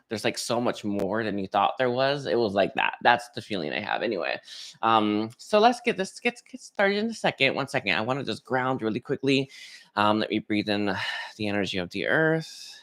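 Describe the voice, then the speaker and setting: A man hosting a spiritual livestream, talking casually and hesitantly with many pauses and restarts. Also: lowish voice, a bit bright. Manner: hesitant, lots of ums and restarts. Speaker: psychic reader hosting a livestream.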